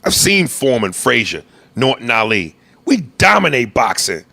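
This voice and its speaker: Gravelly, animated comic podcast host. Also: male voice, mid-range voice, normal speed. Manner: crude, animated, mock film-director bossiness. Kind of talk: casual comedic chat.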